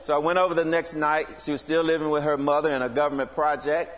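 A man's voice: on the high side, fast, in a large hall. A middle-aged man giving a humorous testimony at church, acting out the voices in his story. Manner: animated, acts out quoted voices.

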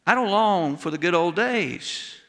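A man's voice: high voice, animated, unhurried, pushed and bright, long reverb tail. A middle-aged man preaching a sermon, telling folksy stories and building to emphatic exclamations. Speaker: pastor.

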